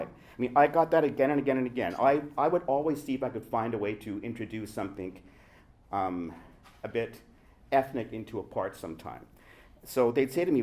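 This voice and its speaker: Man, low voice, from the Indian subcontinent, actor on a panel, prepared speech, reflective, rhetorical questions. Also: darkish tone. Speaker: actor speaking on a festival panel. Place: room with a live audience.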